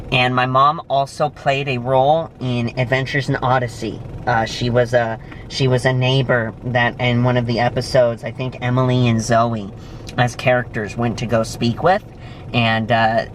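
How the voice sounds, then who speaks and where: A young man in a restaurant, chatting casually and telling stories with lively excitement. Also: slight background noise. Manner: animated storytelling, jumps high when excited. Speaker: vlogger. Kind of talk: casual chat. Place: restaurant, indoors.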